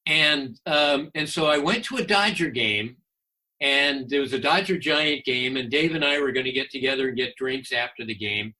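Animated man in his sixties, guest storyteller, with a forceful, slightly raspy voice. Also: mid-range voice, moderate pace. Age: 60s. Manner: chatty, animated, laughs often. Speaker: guest, former baseball announcer. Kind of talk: casual anecdotal storytelling.

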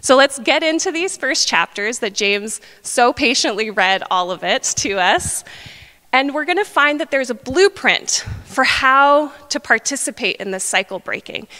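A woman in her thirties preaching a sermon in a chatty, animated storytelling manner. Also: a little high. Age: 30s. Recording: long hall reverb.

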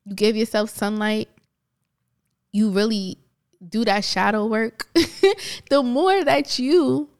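Animated woman from New Jersey. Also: fairly high pitch. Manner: animated, laughs often, acts out voices in her stories. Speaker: podcast co-host. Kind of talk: casual motivational storytelling.

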